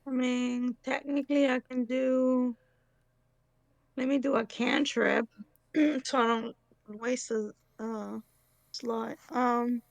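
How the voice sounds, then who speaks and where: Woman with a high voice, slow sing-songy way of talking, dry mic. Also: steady tone, gravelly, dry recording. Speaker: player. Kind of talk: casual tabletop game play.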